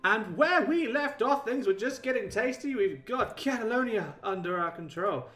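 Excitable young man, high voice. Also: normal speed, recorded from a distance. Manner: excitable, laughs often, talks to himself. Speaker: gaming channel host. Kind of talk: let's play commentary. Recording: roomy echo, mic set back, faint game music.

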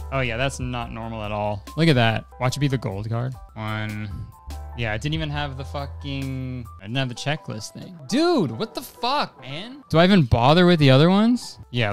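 A young adult man live-streaming a card opening, excitable and swearing a lot, swinging between hype and frustration. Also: medium pitch.

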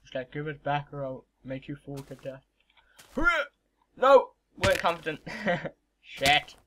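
A young man giving casual, excitable gameplay commentary as a gaming video host, swearing and shouting at the game's monsters. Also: a little high, normal speed, a little hiss or hum. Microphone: desk microphone.

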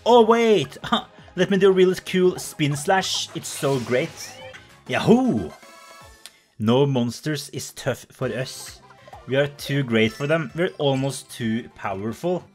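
A man's voice: medium pitch, a little slow, faint music behind. A man commentating a video game in a playful, bubbly way, gasping and making silly sound effects. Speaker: let's play host.

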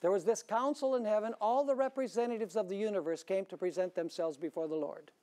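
Emphatic preaching man. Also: fast. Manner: emphatic, rhetorical questions with sudden swings in pitch and loudness. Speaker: pastor. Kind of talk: sermon.

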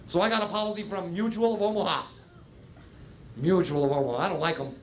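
A man from Georgia doing a stand-up routine, animated storytelling with acted voices. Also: high-pitched, fast talker. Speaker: stand-up comedian. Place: comedy club. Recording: live club recording with crowd laughter and noise. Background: audience laughter.

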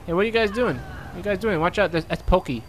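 High-pitched, animated and fast, a young man narrates gameplay for laughs. As a gaming let's-player, he cracks goofy jokes, answers the characters on screen, and laughs a lot.

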